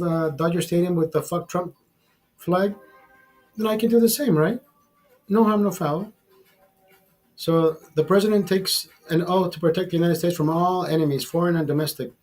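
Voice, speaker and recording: Husky, rambling male streamer. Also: high-pitched, a little mellow. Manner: rambling, repeats himself, swears freely. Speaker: livestream host. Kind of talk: casual livestream chat.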